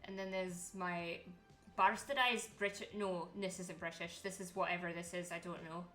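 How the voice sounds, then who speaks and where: A woman's voice: on the low side, steady tone, moderate pace, sharp tone, soft background music. A young woman streaming a game, chatting in a rambling way and swearing freely. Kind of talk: casual chat while gaming.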